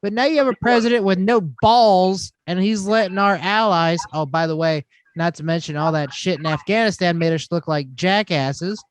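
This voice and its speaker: A man's voice: high-pitched, moderate pace, few pauses, clean tone, dry recording. A middle-aged man hosting a podcast, ranting and swearing through casual chat. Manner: ranting and profane. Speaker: podcast host.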